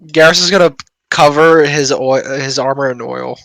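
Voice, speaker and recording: A man's voice: mid-range voice, moderate pace, creaky, fairly bright tone. A man playing a tabletop game, casually describing what his character does. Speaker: player.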